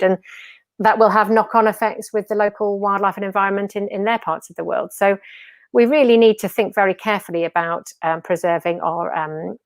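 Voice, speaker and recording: A woman's voice: medium pitch, no room sound. A woman hosts with eager enthusiasm, stumbling over repeated words and fillers. Her voice sits mid-height and sounds dry and close to the mic. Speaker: event host. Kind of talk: hosting a live community event.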